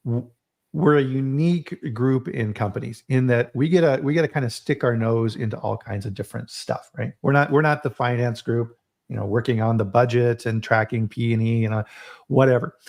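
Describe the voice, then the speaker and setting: A man at an ordinary middle pitch hosts a casual online chat. He talks in an animated, storytelling way, often restarting sentences and repeating words as his thoughts race ahead. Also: normal speed, vocal fry. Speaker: host. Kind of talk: casual live-stream chat.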